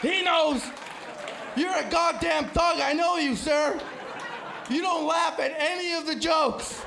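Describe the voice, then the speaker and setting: A man from El Salvador doing a stand-up comedy set, brash and punchy, shouting his punchlines to the crowd. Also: very high-pitched, steady tone, slow pace, gravelly, background noise. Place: comedy club stage with live audience.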